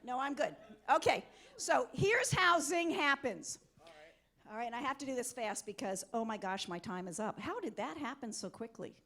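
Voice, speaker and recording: Woman, high voice, motivational speaker, lively, conference talk, middle-aged. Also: fast talker, few pauses. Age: middle-aged or older. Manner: energetic, coaxing audience volunteers. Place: conference hall.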